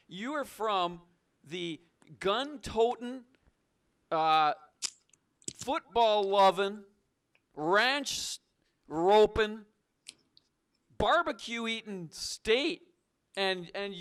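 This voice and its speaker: A young man hosts a call-in show with a fairly high, smooth and resonant voice. He needles his caller with mock suspicion in loose, casual banter. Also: animated, slow pace, pauses often, a bit bright.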